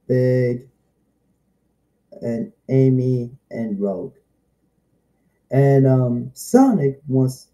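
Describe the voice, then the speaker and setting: A young man vlogging a casual, excitable review, rambling and repeating himself. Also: medium pitch.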